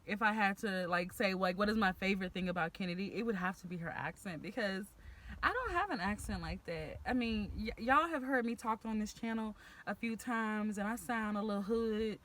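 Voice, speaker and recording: A woman's voice: medium pitch, a little fast, a bit bright, a little hiss or hum. A young woman from Texas with a Houston accent, chatting casually and animatedly to camera about her friends, full of slang. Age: young adult. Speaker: vlogger.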